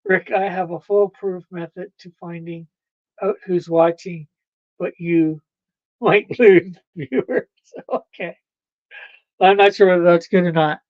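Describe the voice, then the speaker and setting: A woman's voice: fairly low pitch, fairly even intonation, unhurried, no echo. Chatty woman streamer, dull dry sound. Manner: rambling, laughs often. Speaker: livestream host. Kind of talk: casual chat with viewers.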